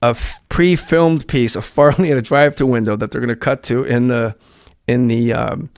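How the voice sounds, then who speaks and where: A man's voice: medium pitch, moderate pace, smooth, no echo, clean studio sound. A man telling comedy-writing stories as a podcast guest, acting out quotes, swearing and laughing often. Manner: excitable storyteller who acts out quotes, laughs and swears often. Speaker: guest, former comedy sketch writer. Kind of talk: animated anecdote telling in a podcast chat.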